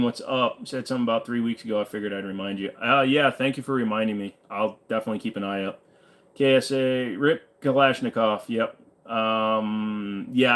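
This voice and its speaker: A tired man hosting a livestream in a casual, laid-back way, reading viewer comments aloud and answering them. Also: medium pitch. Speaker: livestream host.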